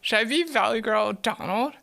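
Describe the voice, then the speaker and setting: A woman's voice: fairly high pitch, animated, moderate pace, gravelly, a bit bright. A woman streamer chatting casually with her viewers, giggling often and repeating words as she thinks. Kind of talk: casual live-stream chat.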